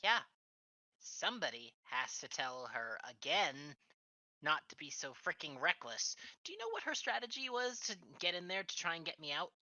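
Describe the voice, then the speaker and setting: A woman playing a tabletop role-play game, expressive and exasperated, often laughing. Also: lowish voice, moderate pace, dry recording.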